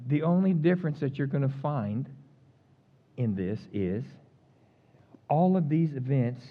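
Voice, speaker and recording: The audio is phone-quality as a man with a mid-range voice preaches. This pastor is lively and jokey with the congregation, and when reading scripture aloud he puts on dramatic voices for the complaining crowds.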